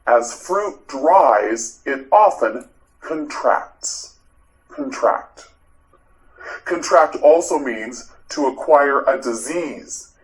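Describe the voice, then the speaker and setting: A man's voice: mid-range voice, expressive, extremely slow, low-quality recording. A man teaching English vocabulary, saying each word several times and asking the learner to repeat it. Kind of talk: slow drilled pronunciation lesson.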